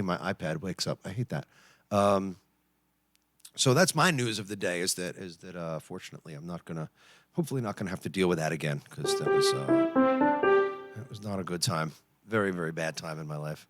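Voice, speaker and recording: A man's voice: sits low, animated, normal speed, a bit bright, dry recording, soft background music. A man in his forties hosting a live stream, chatting casually with viewers, reading their messages aloud and cracking puns. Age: 40s. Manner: chatty, reads out chat, joking puns. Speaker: livestream host and pianist.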